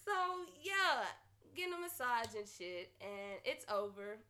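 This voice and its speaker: Woman, podcast host, high pitch, bright tone, blunt profane storytelling. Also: sing-song, measured pace. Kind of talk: casual storytelling chat.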